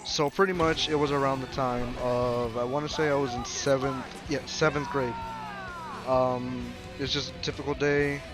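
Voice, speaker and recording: A man's voice: mid-range voice, flat delivery, normal speed, music in the background. A young man casually telling a personal story, rambling with lots of fillers and restarts.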